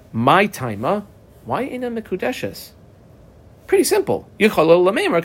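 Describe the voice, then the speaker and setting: Animated man teaching Talmud. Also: fairly high pitch, slightly rough. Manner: animated, folksy, mixes in Hebrew and Aramaic terms. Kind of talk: casual lecture reading through a text.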